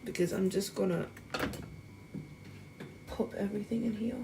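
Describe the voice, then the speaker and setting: A woman's voice: medium pitch, normal speed, creaky. A young woman in her twenties, chatting casually to viewers while she cooks. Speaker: student vlogger. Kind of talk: casual chat while cooking. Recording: loud background noise.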